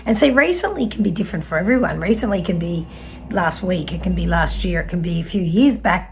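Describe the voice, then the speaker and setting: A woman from Australia giving spiritual messages as a psychic medium, speaking slowly and gently with soft trailing phrases and small self-corrections. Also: on the low side, gravelly, slight background noise. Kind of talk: spiritual message reading to camera.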